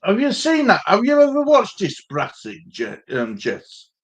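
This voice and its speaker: A man's voice: high voice, wildly swooping pitch, unhurried. A man joining a casual panel chat, easygoing and teasing.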